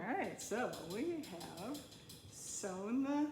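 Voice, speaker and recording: A woman gives a casual sewing tutorial at home for her channel, chatting with her dog while she works. Her voice is a little high and expressive, at normal speed, with a roomy sound.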